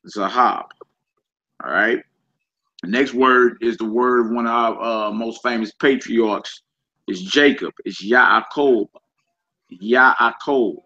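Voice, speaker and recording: A Hebrew teacher with a mid-range voice gives a relaxed vocabulary lesson, repeating each word again and again and spelling it out letter by letter. He speaks unhurriedly and deliberately, and the audio is dull and lo-fi.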